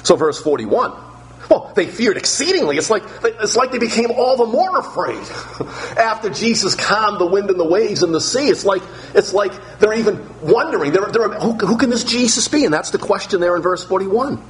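A man's voice: sits high, expressive, normal speed, low-quality recording. A man preaching an expository sermon, emphatic and repetitive, firing off rhetorical questions.

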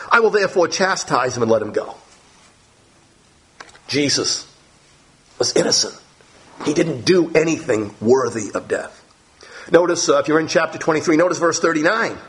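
A man's voice: fairly high pitch, big pitch swings, moderate pace, pauses often, fairly bright tone. A man preaching a Bible lesson, reading scripture aloud and explaining it as he goes. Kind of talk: Bible teaching.

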